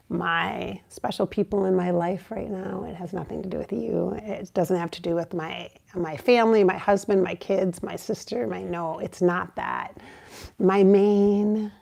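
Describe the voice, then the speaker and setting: Creaky-voiced woman venting to viewers. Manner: emphatic, swearing, rising to high exclaims when reenacting. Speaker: psychic channel host. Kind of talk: casual spiritual vlog talk.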